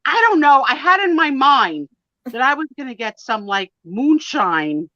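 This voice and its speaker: A woman with a New Jersey accent telling stories on a casual live stream, animated and self-mocking. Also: sits high, a little slow, no room sound, muffled recording. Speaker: co-host of a live sale stream. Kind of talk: casual storytelling chat.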